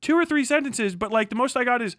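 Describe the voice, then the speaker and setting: High, bright-voiced man ranting at an article. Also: lively intonation, no echo, clean studio sound. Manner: exasperated, profane, rapid rhetorical questions. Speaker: streamer reacting to an article. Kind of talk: live stream reaction, reading aloud and ranting.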